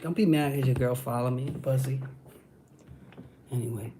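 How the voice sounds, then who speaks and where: A man's voice: mid-range voice, moderate pace, dark tone, slight background noise. A man from Brooklyn with a New York accent, hosting a livestream and answering chat in hyped, profane street talk. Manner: hyped, profane street talk with constant "you know what I'm saying". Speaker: channel host.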